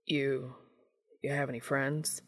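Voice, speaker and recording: Gruff, awkward adult male hunter, deep and quiet, halting delivery; woman voices him. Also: level tone, full character voice. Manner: low, hushed and hesitant.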